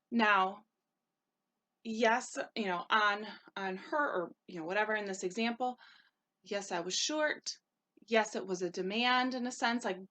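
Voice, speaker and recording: Animated woman giving life coaching advice. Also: medium pitch, moderate pace. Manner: animated, acts out short quoted exchanges. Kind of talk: spoken advice talk.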